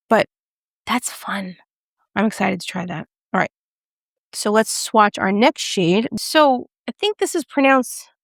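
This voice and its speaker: A woman's voice: mid-range voice, creaky, a bit bright, dry recording, clean studio sound. A woman from the United States, a beauty vlogger, chatting casually through a product review and joking about her own pronunciation.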